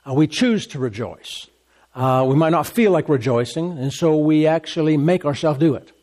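A male pastor preaches with emphatic, repetitive phrasing. He breaks into deliberate laughs as he makes a point. His voice sits a bit higher than most men's. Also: lively intonation, darkish tone. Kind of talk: sermon.

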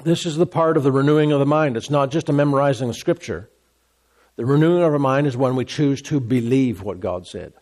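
A man's voice: mid-range voice, fairly quick, darkish tone. A man preaching a sermon, emphatic, repeating phrases and restarting mid-sentence.

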